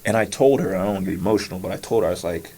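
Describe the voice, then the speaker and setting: A man hosting a podcast, telling a personal story in casual conversation and acting out his own past words, sometimes whispering, sometimes rising high. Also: racing, dark tone. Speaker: podcast host.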